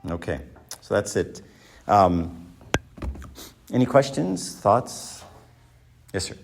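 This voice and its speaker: A man, a professor teaching a church class, lecturing in an animated way and checking in with his listeners often. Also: lowish voice, slow pace, creaky, music in the background. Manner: animated, keeps checking in with "right?". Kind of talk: lecture with rhetorical questions.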